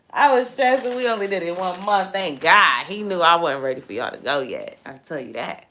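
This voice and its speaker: Young woman hosting a casual stream, hypes up her viewers, punchy bright voice. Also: lowish voice, a little slow, a little hiss or hum. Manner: animated, exclamatory, addresses viewers directly. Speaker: host. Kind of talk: casual livestream chat.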